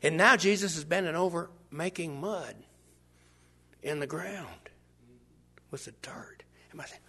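An older man preaching a sermon, shifting from hushed asides to shouts as he acts out scenes. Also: on the high side, normal speed, slightly rough. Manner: animated, swings from hushed to shouting, acts out bystanders.

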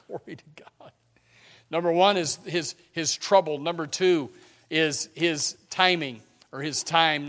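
A man preaching a sermon with emphatic repetition, swinging from hushed to loud. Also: on the high side.

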